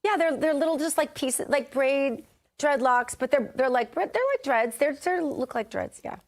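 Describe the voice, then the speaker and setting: Woman, morning show co-host, higher voice, chatty, rambling. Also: animated, moderate pace. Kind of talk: casual studio banter.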